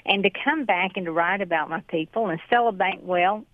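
A woman's voice: on the low side, fairly quick, dry recording. A woman from Georgia with a Southern drawl, chatting easily as a guest on a morning interview show. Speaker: author and guest. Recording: dry, thin phone-like sound.

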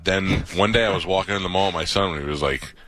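A man's voice: low-pitched, fast, bright, forceful tone, dry recording. A man from New York hosting a radio show, rambling through stories and laughing at himself. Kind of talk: casual studio banter.

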